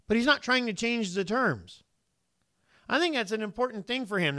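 In this sermon, a man with a bright, high-pitched voice questions his audience and shifts into the voices of the figures in his story. There's no echo; the audio sits close and dry, without any sense of the room.

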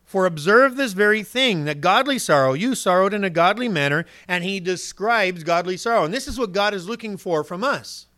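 A man's voice: high voice, lively intonation, normal speed, few pauses, a bit bright. A man preaching a sermon in an earnest, direct way, asking rhetorical questions and acting out what people might say.

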